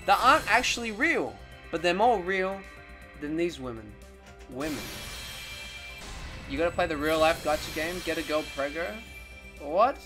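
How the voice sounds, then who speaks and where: A man reacting to his gacha pulls with loud, profane excitement and begging. His voice is bright and cutting, and his pitch swoops all over the place. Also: moderate pace, pauses often, soft background music. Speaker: gaming content creator.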